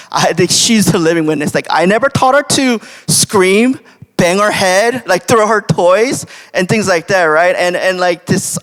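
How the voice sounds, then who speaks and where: A man's voice: on the high side, gravelly, fairly bright tone. A young man preaching a casual devotional sermon, talking conversationally with many fillers and frequent "right?" checks. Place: church sanctuary. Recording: long church hall reverb.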